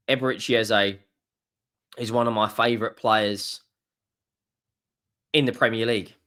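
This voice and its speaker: A young man ranting in a fan video, swearing often and swinging from low muttering to loud exasperated outbursts. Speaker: football fan vlogger.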